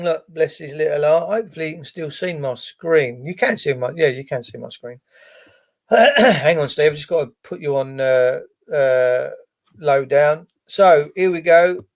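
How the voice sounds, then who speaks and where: A man with a slightly raised pitch and a gravelly edge ranting on a livestream. His delivery is blunt and sarcastic, with plenty of swearing. He addresses his viewers directly. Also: unhurried. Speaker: livestream host.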